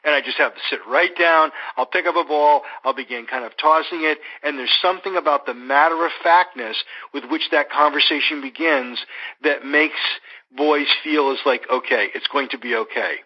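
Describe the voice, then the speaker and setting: Man explaining in a measured way, dull audio. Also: on the high side. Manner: measured, explanatory, frequent "you know" fillers. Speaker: clinical psychologist guest. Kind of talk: conversational interview explanation.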